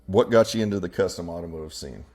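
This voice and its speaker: Deep-voiced joking podcast host. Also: male voice, fast talker, a little mellow. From Idaho. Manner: jokey storyteller, laughs often. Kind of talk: casual chat. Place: garage.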